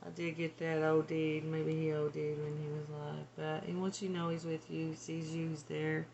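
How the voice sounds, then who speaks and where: A woman's voice: low-pitched, little pitch movement, normal speed, gravelly, darkish tone, highs cut off, slight background noise. A woman working as a psychic medium, relaying channeled messages in a hesitant, tentative way. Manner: hesitant, tentative, laughs between.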